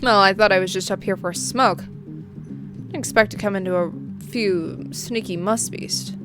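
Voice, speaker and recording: A woman's voice: medium pitch, big pitch swings, unhurried. A woman voicing a cocky male mercenary who taunts his foes, with a mocking drawl, over background music. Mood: taunting.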